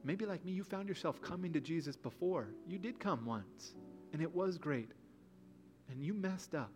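A man's voice: on the high side, animated, normal speed, a little mellow, soft background music. A man preaching a sermon in an earnest, pleading way, full of rhetorical questions. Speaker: pastor.

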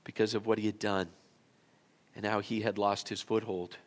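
A male pastor preaching a sermon in an auditorium, telling the story in a folksy, conversational way that swings from loud to quiet. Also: on the low side, little pitch movement, moderate pace.

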